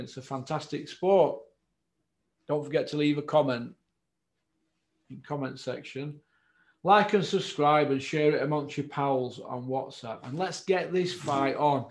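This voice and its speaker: A man from Doncaster with a Yorkshire accent, hosting his own boxing channel. He talks in a somewhat high voice with a confrontational, taunting edge. His voice rings around an echoey room. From Doncaster, England. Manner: confrontational, taunting, repeats the name he addresses. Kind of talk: direct-to-camera challenge monologue.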